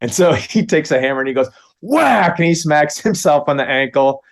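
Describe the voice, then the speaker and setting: Man in his 50s, lively storyteller. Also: moderate pace. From Minnesota, USA. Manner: lively anecdote, acts out the other voices with big pitch jumps, chuckles. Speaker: guest, comedy actor. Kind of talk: casual storytelling.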